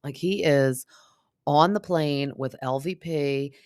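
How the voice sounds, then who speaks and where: A woman's voice: sits low, slow, darkish tone, no room sound, studio quality. A woman hosting a casual reality-TV recap podcast, gossipy and chatty, full of "like" and "um". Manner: gossipy, frequent "like" and "um", mimics cast members.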